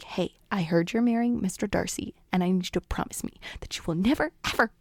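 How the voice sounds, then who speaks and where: A woman's voice: mid-range voice, darkish tone, no room sound, studio quality. A young woman casually retelling a novel's plot, playfully acting out the characters' lines and laughing often. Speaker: guest summarizing a novel.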